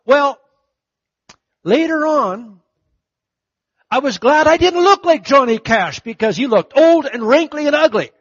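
A middle-aged man preaching a sermon, telling stories and acting out the voices of the people in them, swinging from loud to hushed. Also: extremely high pitch, animated, measured pace, pauses often, dry recording, lo-fi sound. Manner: storytelling, acts out quoted voices, big swings from loud to hushed. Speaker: pastor.

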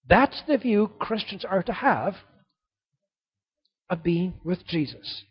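A man preaching a sermon, asking rhetorical questions and swinging between loud emphasis and hushed, soft passages. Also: high voice, animated, slow pace, pauses often, husky, lo-fi sound. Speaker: pastor.

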